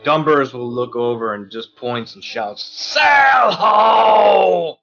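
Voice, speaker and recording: A man playing in a tabletop game, describing his actions in a halting, unhurried way. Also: medium pitch, a bit bright, lo-fi sound. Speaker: player. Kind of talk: casual game chat.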